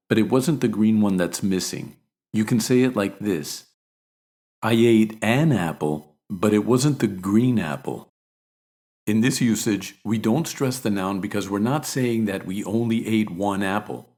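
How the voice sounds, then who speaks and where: American male pronunciation teacher, very low voice, clear measured delivery, repeats examples slowly. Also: a little mellow. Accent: American English. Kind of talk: scripted pronunciation lesson.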